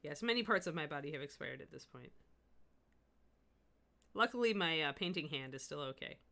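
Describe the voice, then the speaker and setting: A woman's voice: low-pitched, animated, moderate pace, creaky, pushed and bright. A middle-aged woman giving a live miniature painting demo, chatting and laughing with her viewers as she works. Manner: chatty, rambling, laughs often.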